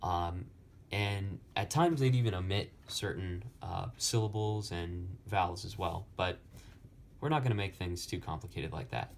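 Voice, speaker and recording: A young man slowly explaining Latin poetic meter in a lesson, with many pauses and fillers. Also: low voice, vocal fry, a little hiss or hum. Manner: slow, halting, many fillers. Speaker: Latin tutor.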